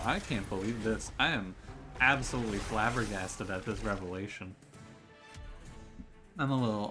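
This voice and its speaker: A man's voice: lowish voice, moderate pace, bright, forceful tone. A man giving casual, chatty commentary while playing a video game, talking himself through choices with jokey, exasperated outbursts. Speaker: gaming streamer. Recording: game music behind the voice.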